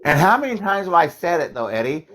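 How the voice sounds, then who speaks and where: A man's voice: on the high side, very animated, fast, a bit bright. A man hosting a live stream, arguing heatedly and swearing as he repeats his point. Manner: angry, profane, repeats his point emphatically. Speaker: livestream host.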